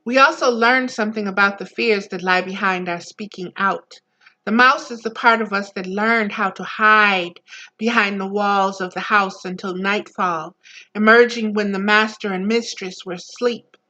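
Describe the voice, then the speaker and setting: A woman reading a book aloud as a spiritual teacher, slow and deliberate, breaking off into soft, low personal asides. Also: steady tone, low-quality recording.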